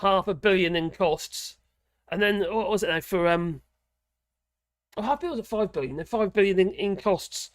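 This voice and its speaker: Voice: medium pitch, fairly bright tone. A commentator from England giving mocking running commentary on a clip, sarcastic and blunt, with casual swearing.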